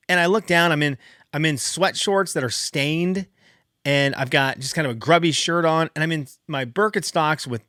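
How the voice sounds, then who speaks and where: Male podcast host, 30s, casual storyteller: bright, forceful voice, animated and exasperated, dry close sound. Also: dry recording. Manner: animated, exasperated, jumps high in pitch for emphasis.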